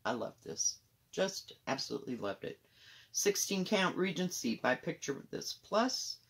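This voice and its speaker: A woman casually showing her cross-stitch projects at home, rambling candidly with soft muttered asides. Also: on the low side, very animated, unhurried, husky. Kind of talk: casual show-and-tell chat.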